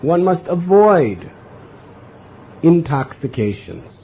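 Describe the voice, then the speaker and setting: A husky-voiced American man gives an earnest devotional lecture as a spiritual teacher, frequently asking the audience "huh?". His pitch is fairly high with big swings, and he talks slowly. The lecture is captured on a dull lo-fi recording with faint ambience.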